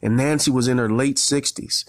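A man's voice: mid-range voice, steady tone, moderate pace, no echo. Man, forties, motivational coach, earnest and tearful, repeats himself, dry close sound. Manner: emotional, fighting back tears, repeats phrases. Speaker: marketing coach. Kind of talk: motivational talk.

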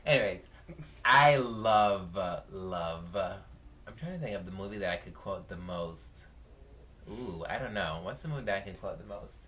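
Lively, bright-voiced man chatting. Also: normal speed. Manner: animated and campy, bursts into falsetto movie quotes. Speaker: podcast co-host. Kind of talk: casual chat.

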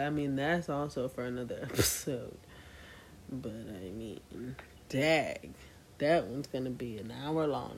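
Young woman podcast co-host, lively casual storyteller, talks straight to listeners. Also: rumbling low, a little hiss or hum. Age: young adult. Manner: animated storyteller addressing listeners as y'all. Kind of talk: casual chat.

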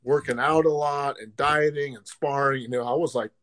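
A man telling a story in casual podcast chat, animated, swearing and laughing, acting out quotes loudly. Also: medium pitch, moderate pace.

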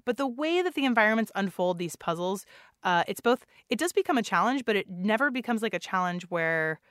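A woman's voice: medium pitch, a little fast, no room sound, studio quality. Rambling chatty young woman podcaster. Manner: rambling, heavy filler words; excitable, laughs often. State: recovering from losing her voice. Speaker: podcast co-host. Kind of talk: casual chat.

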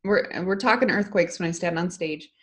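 A woman's voice: fairly low pitch, normal speed. A middle-aged woman speaking as an interview guest, telling a personal story in an emotional, candid way. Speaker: guest, online course creator.

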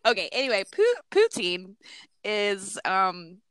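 A woman's voice: mid-range voice, unhurried, clean tone, dry recording. A woman from Virginia co-hosting a local podcast, chatting casually and teasing with frequent laughter. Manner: lively, teasing, laughs often. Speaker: podcast co-host. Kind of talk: casual chat.

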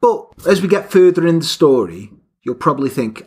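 Male podcast host, high husky voice, wry, jokey, reads a crime story with banter. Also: sing-song, normal speed. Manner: wry, jokey, slips into silly put-on voices. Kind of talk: half-scripted storytelling with banter.

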